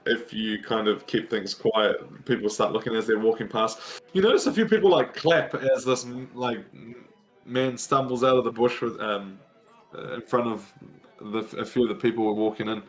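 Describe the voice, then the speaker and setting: A man narrating a tabletop game as game master, pausing often with ums. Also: fairly low pitch. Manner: hesitant, many ums.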